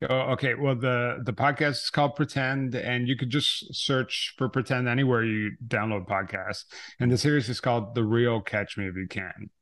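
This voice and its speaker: A man chatting as a podcast guest in a relaxed interview, laughing often. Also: medium pitch, normal speed. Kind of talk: casual interview chat.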